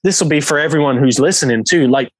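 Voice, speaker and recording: A man's voice: a little high, quick pace, no room sound, low-quality recording. A man from England, a professional hockey player guesting on a podcast, telling a story in a rambling way full of fillers. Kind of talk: casual storytelling.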